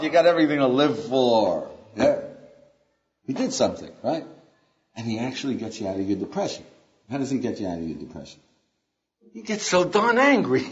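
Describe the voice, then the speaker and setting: Older rabbi guy teaching a class, husky voice, pitch all over, dull lo-fi sound. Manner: animated, asks the class questions, acts out quotes. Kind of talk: informal classroom lecture. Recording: dull lo-fi lecture recording.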